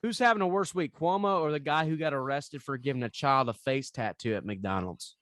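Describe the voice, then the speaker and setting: A man's voice: medium pitch, brisk, fairly bright tone, dry recording, studio quality. A male podcast host in casual chat, crude and joking, laughing often and reading news items aloud.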